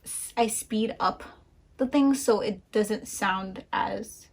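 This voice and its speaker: A young woman co-hosting a book vlog, chatting casually in short, relaxed remarks. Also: medium pitch, takes it slowly, gravelly, slightly rough. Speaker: book vlogger co-host. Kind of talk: casual chat.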